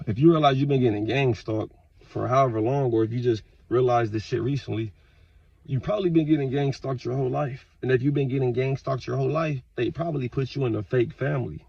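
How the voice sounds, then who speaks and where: A man talking straight to his viewers in a casual, profane, rambling rant, with sudden loud outbursts. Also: medium pitch, gravelly, slightly rough, no echo, muffled recording. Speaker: vlogger. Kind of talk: casual monologue to camera.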